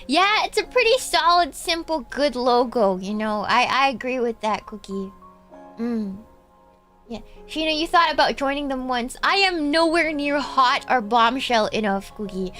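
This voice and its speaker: A woman streamer chatting casually and reading out viewer donations, often calling her viewers "Cookie" and letting phrase endings drop softly. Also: high-pitched, animated, measured pace. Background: faint background music.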